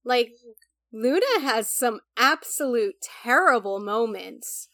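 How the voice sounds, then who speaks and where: Higher-voiced woman, opinionated chat. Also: animated, takes it slowly, a bit bright. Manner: opinionated, restarts words, laughs often. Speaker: podcast co-host. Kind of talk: casual chat about an anime.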